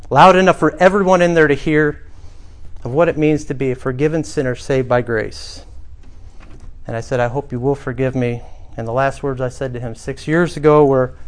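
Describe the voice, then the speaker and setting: A middle-aged man preaching a sermon, telling a personal story earnestly and rising to emphatic swells. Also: on the high side. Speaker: pastor.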